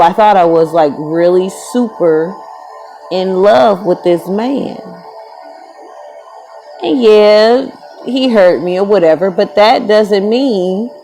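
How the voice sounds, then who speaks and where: A woman's voice: mid-range voice, a little mellow, poor audio. A woman in her thirties casually telling a personal story, rambling and correcting herself as she goes. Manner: rambling, self-correcting, candid. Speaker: vlogger.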